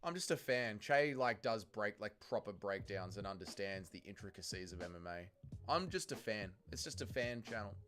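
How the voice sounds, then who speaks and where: A young Australian man hosting a fight watch-along stream, reading chat and swearing as he yells at the fights. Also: fairly low pitch, expressive, normal speed, music in the background. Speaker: livestream host.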